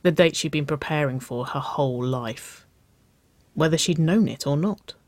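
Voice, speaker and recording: An audiobook narrator reading a romance story in an even, unhurried way. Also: medium pitch, no room sound. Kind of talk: scripted narration.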